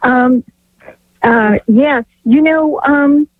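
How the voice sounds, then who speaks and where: A woman's voice: high-pitched, very slow, no echo. A woman calling in to a radio show, telling a story in a chatty, earnest way with lots of fillers. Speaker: caller. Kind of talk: rambling call-in story. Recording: tinny phone line.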